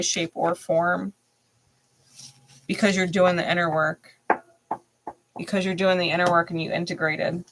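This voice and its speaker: Brief: low, gravelly woman reading tarot live, blunt and profane, laughs a lot. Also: slight background noise. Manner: emphatic, repeats phrases. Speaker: tarot reader and channel host.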